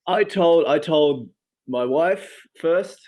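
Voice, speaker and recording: A man in his thirties from Australia, an actor chatting casually in an interview from home, animated, laughing often and restarting sentences. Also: a little high, takes it slowly. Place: home with a loft.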